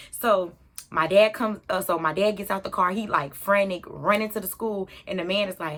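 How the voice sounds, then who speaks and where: A young adult woman telling a personal story to her viewers in an animated, chatty way. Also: mid-range voice, normal speed. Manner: animated, talks straight to viewers. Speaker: YouTuber. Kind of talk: storytime vlog.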